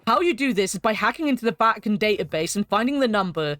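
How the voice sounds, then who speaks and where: A woman's voice: medium pitch, lively intonation, fast talker, fairly bright tone, dry recording. Wry, chatty woman reviewing a game. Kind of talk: game retrospective commentary.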